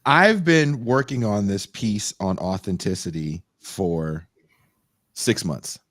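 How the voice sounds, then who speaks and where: A male podcast host telling a long story in a loose, profane, animated way. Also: on the low side, slow pace, no room sound, studio quality. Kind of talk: casual storytelling chat.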